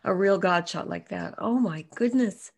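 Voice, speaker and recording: A woman's voice: medium pitch, moderate pace, gravelly. Woman talk show host, effusive and reflective.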